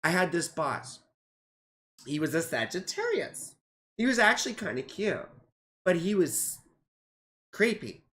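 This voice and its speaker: This American woman in her forties has a low-side, fairly bright voice, very animated yet measured, with long pauses. Doing live chart readings on a livestream, the goofy astrologer rambles casually and swears freely, sounding tired, yawning, and a little out of it.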